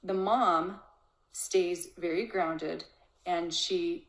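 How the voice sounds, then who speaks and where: A woman's voice: lowish voice, measured pace. A woman hosting a parenting advice show, reading a listener's letter and commenting on it in an emphatic, coaching way, often starting with "so". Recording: echoey room.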